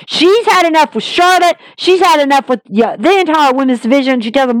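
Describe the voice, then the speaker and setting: A woman's voice: fairly quick, hardly any pauses, dry recording, poor audio. Gushing woman recapping wrestling. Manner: gushing, acts out quotes with big pitch swings.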